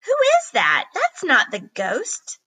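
A woman reading aloud, voicing a nervous young boy who panics in high squeaks. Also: wildly swooping pitch, takes it slowly, bright, forceful tone, heavily acted. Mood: panicky.

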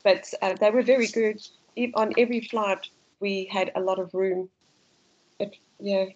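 A woman's voice: medium pitch, level tone, normal speed, darkish tone, highs cut off. A South African woman, a guest runner, chatting casually and telling stories with frequent laughs. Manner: chatty storyteller, laughs often. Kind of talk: casual podcast chat.

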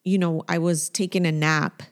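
A woman's voice: lowish voice, flat delivery, moderate pace. A woman co-hosting a podcast in casual chat, telling personal stories in an emotional, emphatic way. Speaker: podcast co-host.

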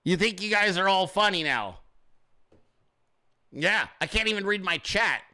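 A man hosting his own livestream show, ranting fast and profanely in an ad-libbed style, sometimes shouting as he acts out scenarios. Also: high-pitched. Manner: rapid, profane, animated ranting; shouts when acting out scenarios. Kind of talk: ad-libbed political livestream rant.

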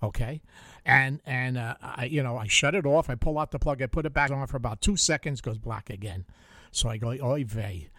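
A man's voice: medium pitch, a little fast, sharp tone, dry recording, clean studio sound. An older man with a Bronx accent, hosting a radio show in casual, joking chat and telling stories with easy laughter. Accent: Bronx New York. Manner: chatty, joking storyteller who laughs easily. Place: radio studio.

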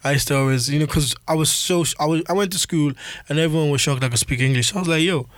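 A man's voice: fairly high pitch, fast talker, dry recording. A young man from Nigeria in casual chat, telling stories and acting out the voices of the people in them. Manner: storytelling, acts out quoted voices.

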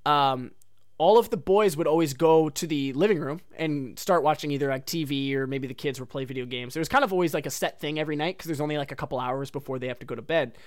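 A young man talks through a personal story on his podcast in a casual, rambling way, leaning on "like" and "dude." His voice sits a little high and sounds smooth and clean. The recording is close and dry, with no room sound. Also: fast talker, no room sound. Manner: rambling, heavy use of "like" and "dude". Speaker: podcast host.

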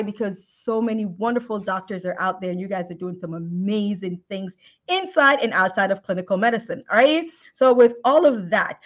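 A woman hosting a podcast interview, effusive and animated, piling on praise words. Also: medium pitch, muffled recording. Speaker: podcast host.

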